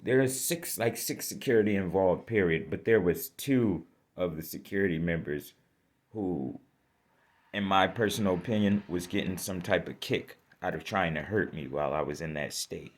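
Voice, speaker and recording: In a vlog, a deep-voiced man tells a personal story bluntly and profanely, shifting between loud emphasis and shaken, subdued speech.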